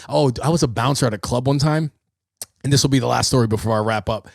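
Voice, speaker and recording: A young podcast host from New York City tells animated stories on his livestream at a quick pace, speaking casually and swearing freely. His mid-range voice has vocal fry, and the studio-quality audio has no echo.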